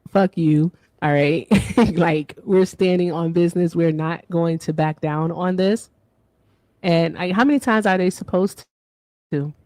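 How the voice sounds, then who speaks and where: A woman's voice: lowish voice, fairly even intonation, a little slow, no echo. Chatty woman livestream host, dry close sound. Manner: playful, chatty, reads donor shout-outs. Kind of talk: casual livestream chat.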